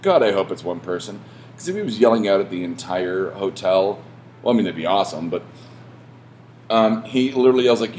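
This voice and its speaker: Low-voiced guy hosting his podcast, rambly, lots of ums and restarts, cusses when he gets going. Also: a little fast, a little hiss or hum. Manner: rambling, self-interrupting with many fillers and restarts; swearing, animated when retelling stories. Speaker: podcast host. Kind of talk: casual podcast monologue.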